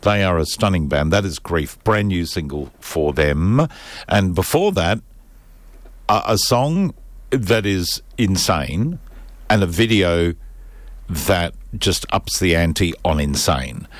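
A man's voice: low voice, animated, slow pace, dry recording. An Australian man hosting a community radio show in casual, jokey, rambling chat from a studio mic. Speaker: radio host. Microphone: studio microphone.

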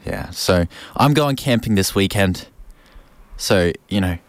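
A man's voice: low-pitched, expressive, slow, no room sound. A young man hosting a community radio show, chatting in an upbeat, rambling way with lots of ums and repeats. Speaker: radio host. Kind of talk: casual community radio chat. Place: radio studio. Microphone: studio microphone.

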